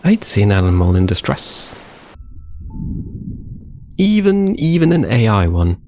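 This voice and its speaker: This is a relaxed let's play from a gaming channel host who talks to himself as he plays, chatty and meandering. He speaks on the low side in an unhurried, sing-song way with a slightly mellow tone, over a faint hiss or hum.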